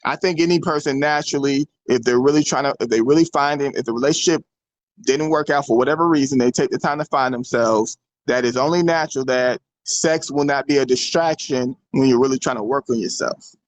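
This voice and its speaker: A man's voice: mid-range voice, a little fast, poor audio. A man hosting a casual opinion show, talking bluntly and emphatically, with some swearing. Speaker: show host.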